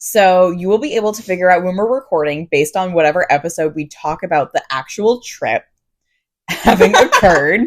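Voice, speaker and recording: A woman's voice: fairly low pitch, expressive, normal speed. A woman co-hosting a book podcast, chatting casually with dry, joking sarcasm. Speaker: podcast co-host. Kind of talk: casual chat.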